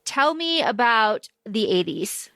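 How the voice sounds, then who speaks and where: Woman, podcast co-host, bright high voice, dry close sound, gushing book chat. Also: big pitch swings, takes it slowly, gravelly, dry recording. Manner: gushing, quotes characters in bursts. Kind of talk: casual book discussion chat.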